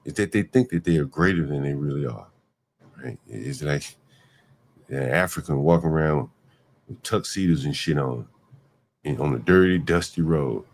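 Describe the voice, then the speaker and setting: A man's voice: a bass voice, normal speed, long pauses, a little hiss or hum. A man hosting a livestream, talking emphatically in repeated rhetorical questions. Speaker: livestream host. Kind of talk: ranting livestream commentary.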